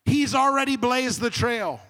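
A man preaching a conversational sermon as pastor, swinging between emphatic and hushed. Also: extremely high pitch, a little slow, big-room sound.

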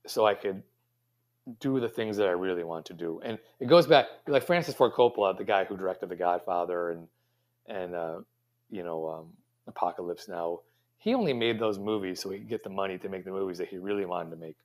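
A man's voice: low voice, fairly quick, a little mellow. A middle-aged man, a pastry chef guest, answering interview questions in a rambling, reflective way with many fillers and restarts.

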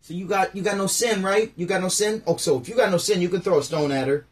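A man's voice: high-pitched, quick pace, pitched above the performer's own voice, close to an everyday voice. A man doing a slangy laid-back Jesus. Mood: preachy. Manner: casual street slang.

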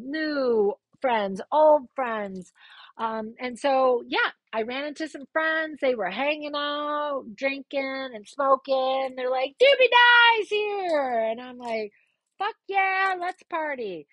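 A woman in her fifties casually telling a personal story, lively and swearing, jumping up in pitch when she quotes people. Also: slow pace, no echo, muffled recording.

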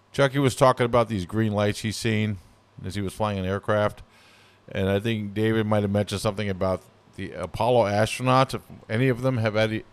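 A podcast host talks in a loose, casual way with a low-pitched voice. He hesitates and leans on fillers as he steers the talk. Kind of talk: casual chat.

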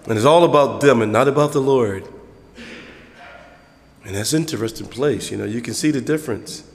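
A man preaching a conversational sermon as pastor, acting out church members in quick voices. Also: mid-range voice, long reverb tail.

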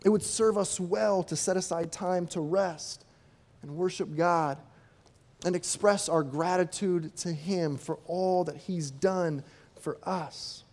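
A man's voice: sits high, slow, darkish tone. A man preaching a sermon in a conversational way, asking rhetorical questions and acting out quotes.

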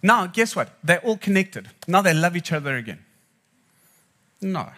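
A man tells jokes and stories in a live talk about marriage, with an animated delivery. His voice sits high and sounds clear and bright. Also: normal speed. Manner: joking, animated storytelling. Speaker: speaker.

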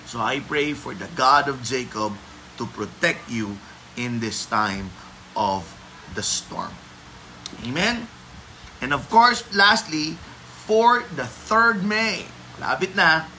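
A man with a Filipino accent giving a devotional prayer message as a pastor, slow and emphatic, letting his phrases trail off softly. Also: on the high side, lively intonation, slight background noise, rough recording. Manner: switches between English and Tagalog, slow and emphatic.

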